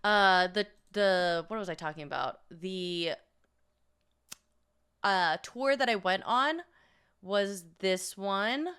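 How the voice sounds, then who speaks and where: Bright, animated young woman chatting. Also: mid-range voice, slow pace, long pauses, smooth. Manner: profane, animated, laughs often, acts out quotes. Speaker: vlogger. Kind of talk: casual storytelling chat.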